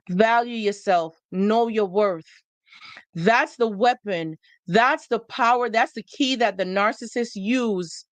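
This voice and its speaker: In a motivational live talk to viewers, a woman hosting the stream speaks on the high side at a measured pace, with no room sound. She preaches emphatically, driving points home by repeating phrases.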